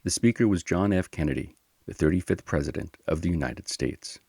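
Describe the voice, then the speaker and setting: A man narrating a history podcast in a measured, solemn scripted style. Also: low voice, darkish tone, slightly rough, no room sound, clean studio sound.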